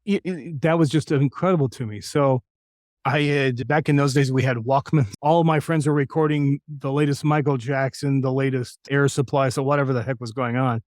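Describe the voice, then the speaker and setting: A middle-aged man, a voice actor, telling stories from his career in a casual interview, animated and sometimes slipping into impressions. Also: medium pitch, moderate pace, no room sound, studio quality. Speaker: voice actor guest.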